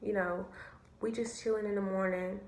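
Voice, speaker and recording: A young woman telling a story to camera, animated and slangy, swearing freely. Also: mid-range voice, moderate pace. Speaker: vlogger. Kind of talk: casual storytime. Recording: echoey room.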